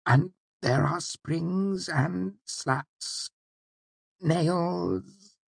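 A man's voice: mid-range voice, animated, creaky, breathy edge, dry recording, voice pushed up, heavily acted. A man voicing a frail, reedy-voiced frightened man. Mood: panicked. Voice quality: thin, reedy, cracking. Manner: soft, halting, fearful. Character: frail thin man in his thirties, terrified.

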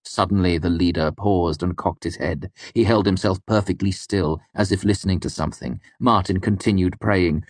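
A man narrating a first-person fantasy story in a measured, grave storytelling manner. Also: sits low, steady tone, dry recording. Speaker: audiobook narrator.

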